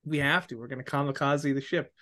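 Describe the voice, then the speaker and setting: A man's voice: mid-range voice, fairly even intonation, fast, pushed and bright. A man playing a tabletop game, eager and joking, often laughing. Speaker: player.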